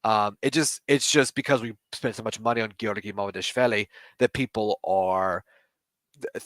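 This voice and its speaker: Low-voiced man rambling about football. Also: a bit bright, no room sound. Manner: rambling, self-correcting, opinionated. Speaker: podcast co-host. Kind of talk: live-stream football chat.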